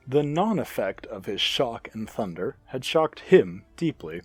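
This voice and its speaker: A man narrating a science fiction story with an expressive, animated reading. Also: medium pitch, unhurried, few pauses, husky, no echo, faint music behind.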